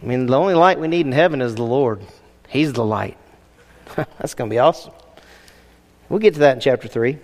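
A man's voice: medium pitch, lively intonation, fairly quick, long pauses, a little mellow, in a large hall. A man preaching as a senior pastor, teaching a sermon in a conversational way with jokes and rhetorical questions.

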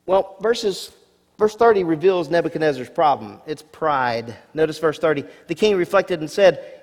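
Male pastor, slightly high voice, expressive sermon delivery with punchy emphasis and friendly asides; church hall reverb. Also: moderate pace. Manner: expressive preacher, rising emphasis on key words, asides to congregation.

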